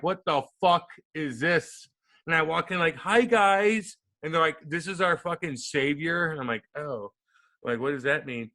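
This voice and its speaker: A man in his thirties, a podcast guest, telling stories in a lively, profane way and acting out quotes. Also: a little high. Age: 30s. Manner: animated, profane, acts out quotes. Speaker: podcast guest, former hockey player. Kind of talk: casual storytelling interview.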